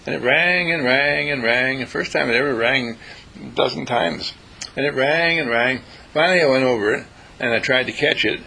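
A man's voice: medium pitch, moderate pace, vocal fry, sharp tone, breathy edge, low-quality recording. A man telling a story to an audience, emphatic and repetitive, speaking straight to his listeners. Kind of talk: storytelling talk.

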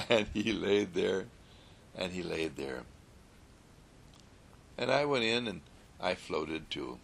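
A man telling a story in a gentle, soothing sermon style, repeating calm affirmations. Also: low voice, takes it slowly, vocal fry, long pauses, breathy edge.

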